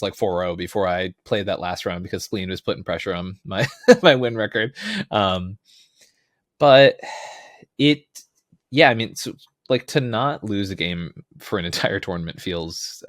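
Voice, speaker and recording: A man's voice: sits low, normal speed, no echo, clean studio sound. A man talking as a podcast guest in casual chat, rambling, laughing often and poking fun at himself. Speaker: podcast guest, tournament player.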